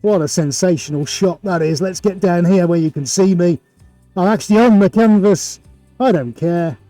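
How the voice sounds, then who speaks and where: A middle-aged art livestream host paints live in his home studio, set up with several cameras, presenting in a cheerful, jokey, chatty showman style. His mellow voice sits high and moves at normal speed, with soft background music and no room sound.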